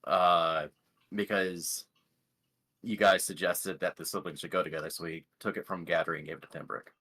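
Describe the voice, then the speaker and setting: A man at the gaming table describes his character's actions and sorts out details, fumbling his words as he goes. His voice is very deep yet bright and forceful. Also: fairly even intonation, normal speed, slightly rough. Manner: fumbling, explaining. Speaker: player. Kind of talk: tabletop role-play.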